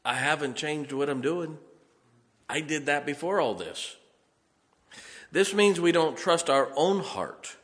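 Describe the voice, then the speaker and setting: Folksy laughing preacher in an echoing hall. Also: male voice, fairly high pitch, lively intonation, slow pace, a bit bright. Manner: folksy storytelling, laughing often. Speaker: pastor. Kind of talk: sermon. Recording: long hall reverb.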